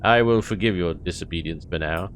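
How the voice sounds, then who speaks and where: A man's voice: sits low, a little fast, a little hiss or hum, close to an everyday voice. A man voicing a pompous alien commander who pretends to be a human admiral, speaking in a stiff, overly formal way. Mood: lofty. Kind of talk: reading in-game dialogue aloud in a voice.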